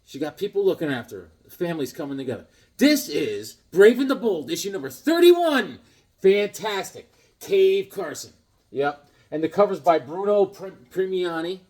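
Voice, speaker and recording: A tired middle-aged man who vlogs about his comic book collection shows off old issues in a casual show-and-tell, rambling, cracking jokes, and reading comic lines aloud. His voice is high-pitched and darkish in tone, very animated, at a normal speed.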